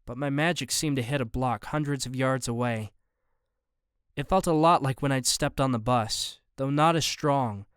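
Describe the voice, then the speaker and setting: A man narrating a first-person audiobook in a measured, even storytelling manner. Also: medium pitch, clean tone, dry recording, clean studio sound.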